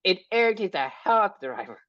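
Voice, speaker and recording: A man's voice: high voice, very animated, fast, no room sound. Reflective laughing man, dull lo-fi sound. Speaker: podcast co-host. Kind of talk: casual book discussion.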